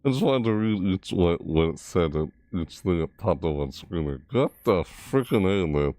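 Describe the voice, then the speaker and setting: With faint trailer music in the background, a man who makes gaming videos reacts to a game trailer, breaking into startled yelps and exclamations. His low voice is expressive and mellow at a moderate pace, recorded dry, and his swearing stays mild: "frick," "what the heck."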